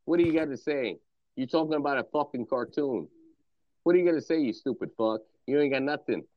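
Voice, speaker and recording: A man's voice: mid-range voice, expressive, brisk, no room sound, dull audio. A man hosting a voice chat, taunting his opponent aggressively with constant profanity and repetition. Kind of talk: voice chat insult exchange.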